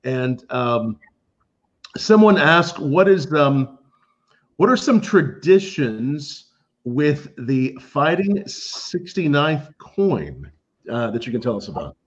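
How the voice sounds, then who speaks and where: A man's voice: a little high, sing-song, slow. Chatty man hosting a live tasting. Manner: chatty, self-deprecating, plugs the show. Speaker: livestream host. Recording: muffled lo-fi stream audio.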